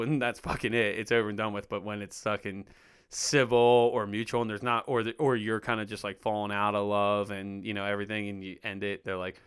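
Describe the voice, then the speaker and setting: Bright, crisp-voiced young man swearing freely. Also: lowish voice, brisk. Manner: profane, animated, acts out quoted voices. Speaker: podcast co-host. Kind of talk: casual podcast chat.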